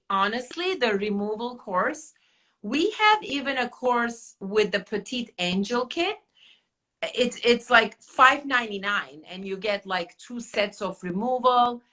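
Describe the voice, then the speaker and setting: A chatty woman hosting a casual podcast chat, her voice bright and forward. She rambles a little, with plenty of "like" and restarts. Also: medium pitch. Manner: chatty, many fillers and restarts. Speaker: podcast host.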